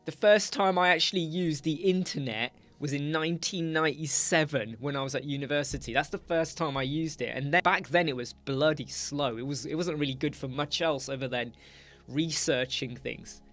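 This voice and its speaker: A man's voice: a little high, moderate pace, a bit bright. A man, chatting casually on a livestream while he works, ranting about clients. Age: 40s. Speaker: web designer livestream host.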